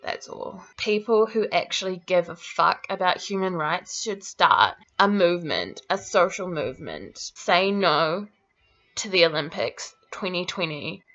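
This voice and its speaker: This vlogger's fairly low voice swings widely in pitch as she talks a little slowly, with a slightly bright tone. She's ranting to camera, full of indignation, swear words, and endless "like" fillers, and the recording sounds dull and lo-fi.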